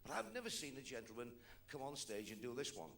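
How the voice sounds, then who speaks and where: A man's voice: medium pitch, big pitch swings, fast talker, fairly bright tone. A man compering a club show, chatting to the audience before announcing the next act. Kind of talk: stage introduction. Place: stage in a club.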